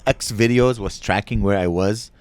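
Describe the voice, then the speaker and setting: A man's voice: fairly low pitch, normal speed, clean tone, no echo. A man co-hosting a comedy podcast in casual banter, teasing and crude with mock anger. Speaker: podcast co-host.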